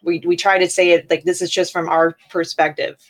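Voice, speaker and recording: A woman's voice: fairly low pitch, level tone, a little fast. A young woman, an author and podcast co-host, speaking hesitantly in an interview with many fillers. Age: young adult. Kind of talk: candid conversational interview.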